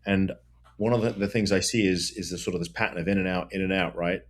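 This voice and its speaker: A man's voice: deep voice, steady tone, fast. A man hosting a podcast interview, a lawyer by trade, who talks conversationally and asks probing questions.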